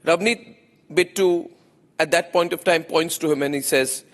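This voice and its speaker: A man's voice: a little high, moderate pace, a bit bright, big-room sound. A man with an Indian English accent, delivering an opinionated TV news monologue as anchor, emphatic and repeating phrases for effect.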